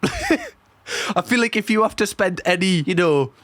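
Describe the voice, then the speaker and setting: A man's voice: high voice, wildly swooping pitch, measured pace, a bit bright, dry recording. A young man hosting a reaction video, giving casual, blunt, jokey commentary with plenty of swearing. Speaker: YouTube reaction host.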